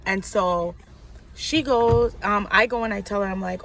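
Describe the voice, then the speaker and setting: A woman's voice: medium pitch, fairly even intonation, moderate pace, a bit bright. A young woman from New York vlogging a personal story in a casual, rambling way, full of likes and you knows.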